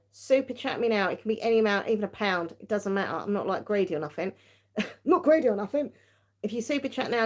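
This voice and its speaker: Tired, giggly woman streamer, mid-pitched, loose casual chat. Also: darkish tone. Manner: chatty, giggly, self-mocking. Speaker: tarot-reading livestream host.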